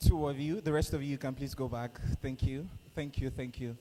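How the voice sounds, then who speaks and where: A man's voice: mid-range voice, moderate pace. A man with a Nigerian accent hosting a live conference event, coaxing the crowd and running games. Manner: lively, coaxing crowd and players. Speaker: event host. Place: conference hall. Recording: echoey hall with faint noise.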